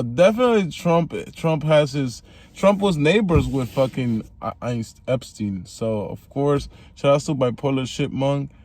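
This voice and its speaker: A man's voice: mid-range voice, a little mellow. A man giving casual, rambling livestream commentary, swearing often and stacking fillers. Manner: rambling, profane, many fillers. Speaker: streamer and commentator.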